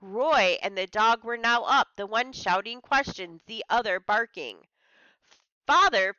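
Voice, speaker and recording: A woman's voice: medium pitch, sharp tone, smooth, no echo, dull audio. A woman teacher reading a story aloud to a class, stopping to explain hard words in simple terms.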